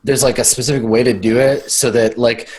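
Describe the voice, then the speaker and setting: Man, mid pitch, tabletop player, enthusiastic, riffing. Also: steady tone, a little fast, a little mellow. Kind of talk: casual tabletop play.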